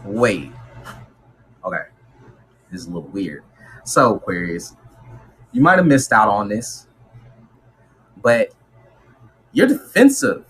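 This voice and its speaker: A man giving a casual tarot reading, talking in a slangy, animated way and acting out what people might say. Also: lowish voice, slow, pauses often, breathy edge, rough recording. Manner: slangy and animated, acts out quotes. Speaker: tarot reader.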